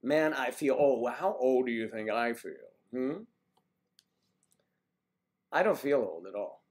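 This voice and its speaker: An older man from the East Coast hosts a live stream, chatting in a loose, rambling way. He reads viewer comments aloud and answers them by name. His voice sits at a middle pitch for a man. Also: expressive, slow pace, long pauses, darkish tone. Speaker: livestream host. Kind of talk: casual livestream chat reading viewer comments.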